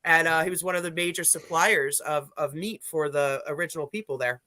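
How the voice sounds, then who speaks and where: A paranormal investigator chatting casually on a live stream, telling a rambling story full of restarts and self-corrections, and growing animated when retelling dialogue. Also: mid-range voice, fairly quick, dry recording.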